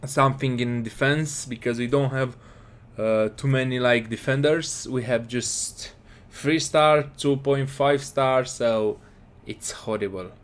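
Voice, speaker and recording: A man with casually commentating his football game, excitable and scolding his players. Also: mid-range voice, slow pace, smooth. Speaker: gaming commentator.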